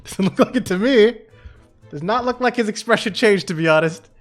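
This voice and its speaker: Guy riffing on a game as he plays, kinda high voice, laughing a lot. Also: brisk, soft background music. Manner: laughing, joking asides between dialogue. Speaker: let's play host. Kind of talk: casual game commentary.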